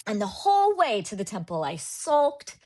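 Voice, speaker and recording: A woman's voice: mid-range voice, very animated, moderate pace, darkish tone. A young woman in her twenties telling a personal story as a guest on a podcast interview, acting out her past thoughts as she goes.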